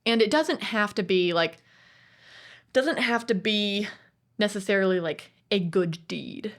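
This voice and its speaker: A woman's voice: mid-range voice, measured pace. A woman co-hosting a podcast, chatting casually about movies in a digressive way and acting out other people's lines. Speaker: podcast co-host.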